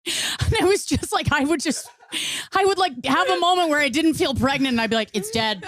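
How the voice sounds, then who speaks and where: A woman's voice: high-pitched, a little fast, a bit bright, a little hiss or hum. A woman chatting on a comedy podcast, telling a story with laughs and swearing. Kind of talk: casual podcast chat.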